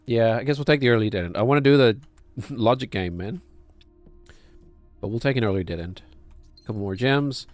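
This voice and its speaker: A man's voice: medium pitch, brisk, no room sound, soft background music. Man thinking aloud over a game. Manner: thinking aloud, talking to himself and chat. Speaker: game streamer. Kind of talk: casual gameplay commentary.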